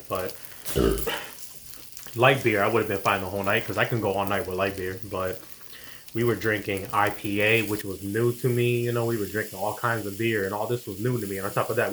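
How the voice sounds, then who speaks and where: A man's voice: fairly low pitch, a bit bright, slight background noise, rough recording. A man casually telling a personal story as co-host of a couple's chat, laid back and slangy, acting out what he and others said.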